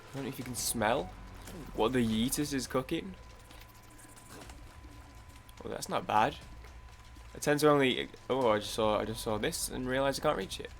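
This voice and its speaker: A young man commenting casually on his own gameplay, rambling and excitable, with frequent restarts. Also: medium pitch, slight background noise. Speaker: gaming YouTuber. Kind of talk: casual let's-play commentary.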